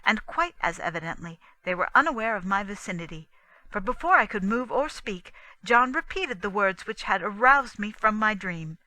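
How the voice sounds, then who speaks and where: A woman narrating a classic mystery novel in a calm, deliberate reading. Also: medium pitch, no room sound, low-quality recording. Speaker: audiobook narrator. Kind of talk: scripted narration.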